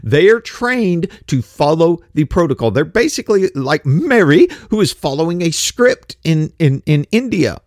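A man's voice: fairly high pitch, sing-song, normal speed, few pauses, a little mellow, dry recording, studio quality. A middle-aged man giving a rambling, skeptical, blunt casual monologue.

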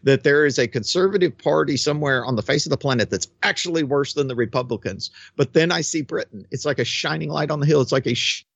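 A man's voice: fairly high pitch, quick pace, gravelly, few pauses, a bit bright, breathy edge, no echo, highs cut off. A man giving sarcastic political commentary, mocking his subject and laughing at his own jokes. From United States.

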